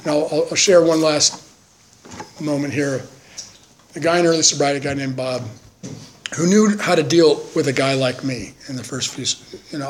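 Speaking earnestly at a recovery meeting, a man in his fifties shares his personal testimony and performs the voices of people from his stories. His voice sits on the high side, and the rough recording carries a little hiss or hum.

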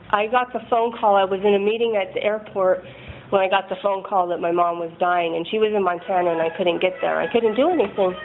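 A woman candidly sharing a rambling, self-deprecating personal recovery story, laughing often. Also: mid-range voice. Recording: tinny phone-like line with faint noise.

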